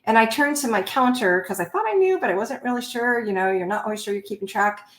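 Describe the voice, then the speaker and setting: A woman's voice: on the high side, fast talker. Middle-aged woman telling stories in a roomy space. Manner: animated, laughs between stories. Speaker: Navy veteran guest. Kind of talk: conversational interview storytelling. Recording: roomy echo.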